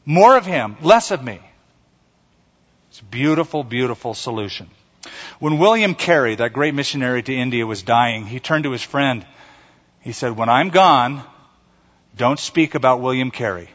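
A man's voice: medium pitch, moderate pace. A man preaching a sermon as pastor, acting out quoted voices and leading the congregation in repeating lines. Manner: animated preaching, acts out quotes and calls for congregation response. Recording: dull sound with long hall reverb.

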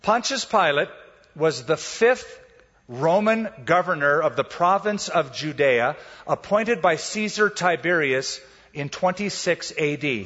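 Pastor preaching in an echoey hall. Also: male voice, fairly high pitch. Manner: animated storytelling, acts out quotes. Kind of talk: sermon. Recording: dull, echoey hall recording.

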